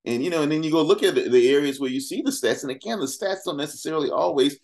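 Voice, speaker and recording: A man on a podcast as a guest talks at a quick pace in a fairly high voice that is a little mellow and has vocal fry. He's emphatic and impassioned but conversational, firing rhetorical questions between casual fillers and asides.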